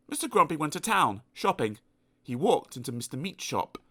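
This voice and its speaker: Animated man reading a children's story. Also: fairly high pitch, moderate pace. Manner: animated, playful asides to the listener. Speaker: audiobook narrator.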